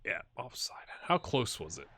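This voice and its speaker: Speaking at a moderate pace, this fairly low-pitched man swings wildly in pitch, his voice creaky and sharp. He chats casually to his audience while playing a football manager game, cheering or muttering as the match unfolds. The let's-play commentary is recorded through a headset with earbuds.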